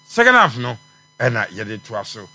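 Lively Ghanaian radio host, bright voice. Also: male voice, medium pitch, brisk, husky, soft background music. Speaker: radio sports show host. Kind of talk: radio call-in hosting and announcements.

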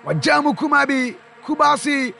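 A man with a Ghanaian accent giving excited live football commentary, shouting player names and mixing local language with English. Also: very high-pitched, normal speed, vocal fry.

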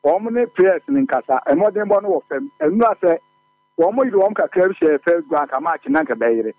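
A man's voice: a little high, expressive, normal speed, no echo, faint music behind. A man with a Ghanaian accent calling a sports radio show, giving opinionated match analysis over a dry, tinny phone line. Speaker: caller.

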